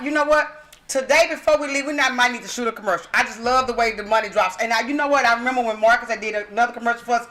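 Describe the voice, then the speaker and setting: A woman from Texas with a Texan accent, hosting a podcast in casual, animated chat, laughing often and calling people baby. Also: fairly high pitch. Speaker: podcast host.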